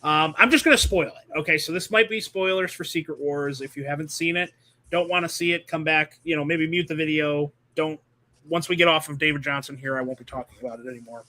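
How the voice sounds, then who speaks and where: A man hosting a casual movie podcast, rambling and animated with lots of fillers over a video call. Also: on the high side, brisk. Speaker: podcast host.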